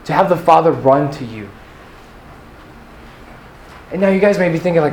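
A man's voice: fairly high pitch, expressive, normal speed, darkish tone, slight background noise. A young man giving an earnest, personal testimony as a retreat speaker, with many fillers. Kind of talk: faith talk to a youth audience. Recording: echoey room with faint ambience.

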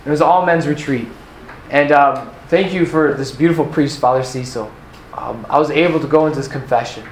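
A young man speaks briskly in a slightly high voice, giving an earnest, personal testimony as a retreat speaker at a youth faith talk. He uses many fillers, and the echoey room carries faint ambience and slight background noise.

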